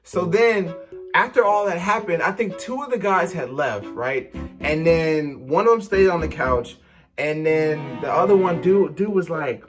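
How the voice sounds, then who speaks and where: Young man, vlogger, storytime monologue, slangy, animated, fairly high voice, music playing behind. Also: a little slow. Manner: animated, slangy, acts out quotes.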